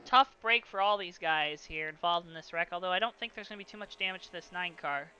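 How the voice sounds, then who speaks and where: Bright-voiced male racing commentator. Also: high-pitched, a little fast. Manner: lively, joking asides. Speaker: play-by-play commentator.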